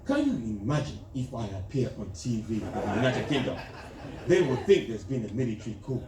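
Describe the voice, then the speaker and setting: A man's voice: mid-range voice, sing-song, a little fast, very noisy, natural voice. A man playing a brash dictator president on stage. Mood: boastful. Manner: boastful, crude, teasing the audience. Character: pompous self-styled African dictator president, male, brash. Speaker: stand-up comedian. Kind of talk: live stand-up in character. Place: large theater, live audience. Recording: echoey theater from a distant mic, loud crowd.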